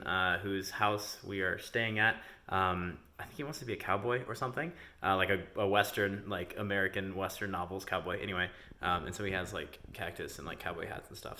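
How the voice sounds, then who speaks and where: A man with a bright, forceful voice and a lowish pitch talks to his staff in a casual video update. He rambles and fills his sentences with ums and uhs while he lays out a schedule change from indoors. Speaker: delivery company owner. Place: indoors in a house.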